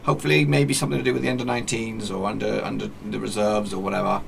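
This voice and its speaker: This gaming YouTuber speaks low and gravelly, racing along in a flat delivery as he plays a football management game. He casually narrates the matches like a commentator, often correcting himself, with slight background noise behind him.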